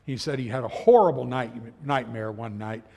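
A middle-aged man teaching a Bible class, telling stories in an animated way and acting out the voices he quotes. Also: medium pitch, normal speed, creaky. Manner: chuckles as he talks. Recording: long hall reverb.

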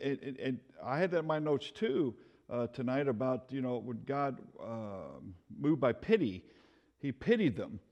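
A man leads a church Bible study with a fairly high and very animated voice. He tells stories, laughs often and keeps the class engaged, while a long reverb lingers behind him. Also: dull audio.

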